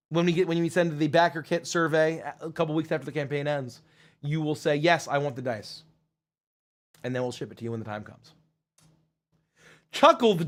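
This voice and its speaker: A man hosting a live stream, reading out chat comments with loud excitement and casual swearing. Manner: excited, swears casually, swings from loud hype to low mumbles. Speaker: livestream host.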